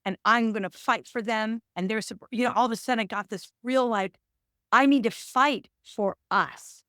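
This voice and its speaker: A woman tells a personal story in a smooth, resonant voice. She talks emphatically and restarts her sentences often. The sound is dry and close. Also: a little high, moderate pace, a bit bright, no echo. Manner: emphatic, with frequent restarts and reenacted quotes. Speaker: actor and producer, podcast guest. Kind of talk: candid conversational storytelling.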